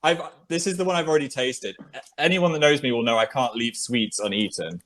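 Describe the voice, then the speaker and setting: A young man with a mid-range voice hosts a casual podcast chat, talking a little fast. He tastes sweets as he goes, chewing while he talks, and keeps laughing in an animated way.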